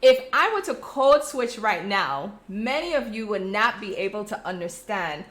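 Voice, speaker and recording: A middle-aged woman with a Crucian accent from St. Croix, chatting casually on a live stream, reading out viewers' comments and telling stories in a friendly, animated way. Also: medium pitch, unhurried. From US Virgin Islands (St. Croix). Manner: chatty, animated storytelling with friendly direct address. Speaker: host of a live check-in stream.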